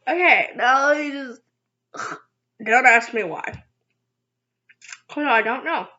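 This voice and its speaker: Young woman vlogger, giggly and rambling, bright high voice that jumps around. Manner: giggly, rambling, self-teasing. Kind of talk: casual eating vlog. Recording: dull lo-fi sound.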